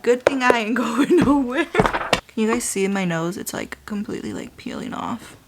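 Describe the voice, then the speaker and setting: A young woman vlogger chatting while doing her makeup, telling a birth story in an animated, casual way, dropping to a whisper at times. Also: a little high, normal speed, heavy background noise. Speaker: beauty vlogger. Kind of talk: chatty get-ready-with-me storytelling.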